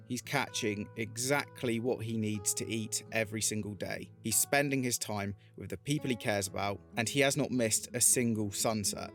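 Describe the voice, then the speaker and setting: A man's voice: on the low side, normal speed, hardly any pauses, soft background music. A man vlogging in an earnest, motivational way, telling stories and giving advice. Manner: earnest, motivational, retells a parable. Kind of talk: reflective talking-head storytelling.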